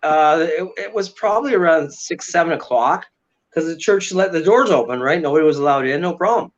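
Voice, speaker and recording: A man's voice: on the high side, expressive, fairly quick. A man, a paranormal investigator, telling a story dramatically as a guest and acting out the voices and sounds in it. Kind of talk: animated storytelling. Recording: dull lo-fi audio.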